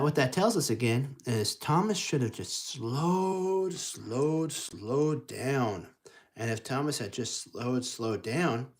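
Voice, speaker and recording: A man reading a picture book aloud to children in an encouraging way, making train sounds and dropping to whispers. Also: medium pitch. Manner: encouraging, lively, drops to whispers and chugging sounds. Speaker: storytime reader.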